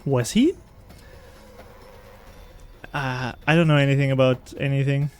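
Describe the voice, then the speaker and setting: A man's voice: medium pitch, a little slow, smooth, faint music behind. A man chatting casually as he plays through a game on stream, joking and talking to himself and his viewers. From Britain. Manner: animated, jokey, talks to himself and chat. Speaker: gaming streamer. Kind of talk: casual let's-play commentary.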